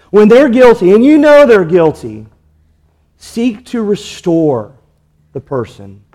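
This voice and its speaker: A man's voice: high-pitched, darkish tone. A man preaching a sermon, earnest, asking rhetorical questions and drawing out key words for emphasis. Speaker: pastor.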